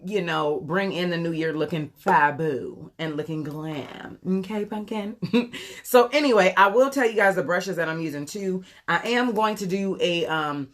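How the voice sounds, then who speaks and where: Forties lady chatting on a live makeup stream into her phone, lowish voice, lots of ums. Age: 40s. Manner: chatty and rambling, talks to viewers, many ums. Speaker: beauty vlogger doing a live makeup tutorial. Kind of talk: casual live-stream chat. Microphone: phone camera.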